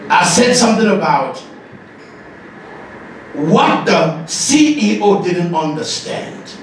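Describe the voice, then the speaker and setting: A man giving an animated, joking masterclass as a leadership coach, often laughing and shouting. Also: high-pitched, takes it slowly. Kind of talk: lively masterclass talk to an audience. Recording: echoey hall, distant mic, noisy.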